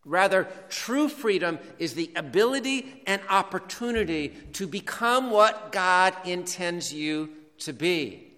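A male preacher delivers a sermon slowly and deliberately, leaning on key words. His voice is bright and a bit high, carried by the long reverb of a hall. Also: lively intonation.

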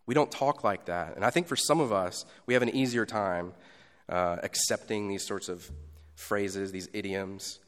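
A man's voice: fairly low pitch, normal speed, clean tone. Man preaching in an echoing hall. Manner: conversational preaching, swings between loud emphasis and quiet asides. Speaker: pastor. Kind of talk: sermon.

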